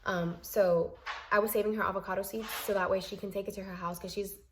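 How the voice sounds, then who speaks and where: A woman's voice: medium pitch, fairly even intonation, fairly quick, slight background noise. A young adult woman telling a personal story in a vlog, emphatic and exasperated, repeating points for emphasis. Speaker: vlogger.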